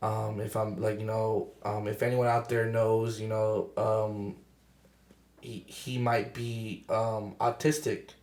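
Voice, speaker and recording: A man's voice: lowish voice, little pitch movement, darkish tone. Young man rambling with fillers, echoey studio. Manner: halting, many fillers and restarts. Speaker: podcast co-host. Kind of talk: casual chat.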